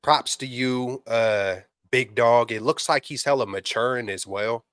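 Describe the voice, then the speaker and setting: Dude talking football real loose and slangy, dry close sound. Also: male voice, medium pitch, unhurried, a bit bright, no room sound. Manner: loose, slangy, repeats himself. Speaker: podcast co-host. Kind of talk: casual sports chat.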